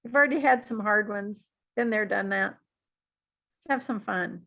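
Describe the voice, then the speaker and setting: A woman teaching a psychic class in a relaxed, chatty and encouraging way, with frequent asides. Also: mid-range voice, normal speed, gravelly. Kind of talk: relaxed spoken class talk. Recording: tinny phone-like audio.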